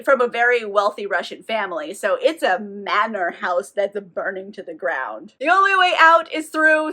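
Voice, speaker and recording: A woman's voice: a little high, bright, forceful tone. A woman recapping a novel in a casual, sarcastic way, with swearing and lots of "like". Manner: sarcastic, profane, filler-heavy. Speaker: book reviewer.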